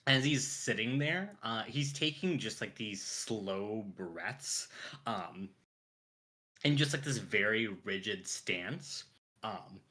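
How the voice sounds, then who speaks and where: A man's voice: fairly low pitch, animated, slow, bright, forceful tone. A man playing in a tabletop game, describing his character hesitantly and searching for words. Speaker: player.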